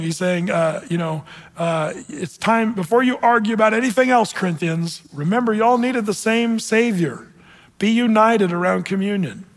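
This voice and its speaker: A male pastor preaching a sermon in an animated way, acting out quoted voices as he explains scripture. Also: high-pitched, big-room sound.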